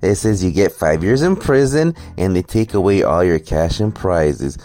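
A man's voice: fairly low pitch, very animated, moderate pace, few pauses, a little mellow, soft background music. A man hosting a ranting, profane, mocking reaction commentary. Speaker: commentary host.

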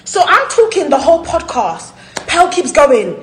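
A woman with a high voice that leaps all over the place tells her side of an argument with mounting indignation. She laughs, swears and mimics other people's lines. The recording is echoey, with faint noise behind her. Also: very animated, unhurried. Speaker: podcast guest recounting a dispute. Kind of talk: animated ranting chat.

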